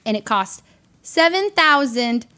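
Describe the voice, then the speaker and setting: A woman livestreamer in casual chat with her viewers, rambling and animated, often laughing at herself and restarting her sentences. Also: sits high, a little slow. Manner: rambling, animated and self-deprecating, with frequent restarts.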